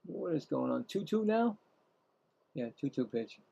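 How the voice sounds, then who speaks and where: A man's voice: on the high side, very animated, a little slow, gravelly, dark tone, slightly rough, lo-fi sound. A man hosting casual live baseball play-by-play, rambling, self-mocking, and often stumbling and correcting himself. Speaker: play-by-play host.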